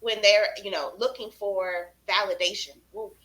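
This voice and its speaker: A woman with a bright, ringing voice co-hosts a casual talk show. She is animated and laughs easily. Mid-story she slips into playful voices. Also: mid-range voice, unhurried, poor audio. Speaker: co-host, professional organizer. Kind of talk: casual chat.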